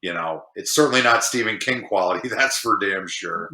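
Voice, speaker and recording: Man, Chicago accent, low bright voice, echoey room, chatty guest. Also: moderate pace. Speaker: podcast guest, screenwriter. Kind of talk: casual podcast chat.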